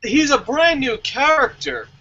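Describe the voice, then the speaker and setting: A high-voiced man on a wrestling podcast whose pitch leaps all over as he acts out quotes. His tone is very bright and sharp. The audio is dull and lo-fi. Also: a little slow, slightly rough. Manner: animated storyteller, acts out quotes, profane. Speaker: podcast co-host. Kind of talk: casual wrestling podcast chat.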